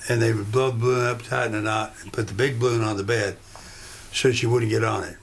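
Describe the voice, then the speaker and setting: Low gravelly man telling a story. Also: steady tone, brisk, slight background noise. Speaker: reality show contestant. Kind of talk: storytelling to camera.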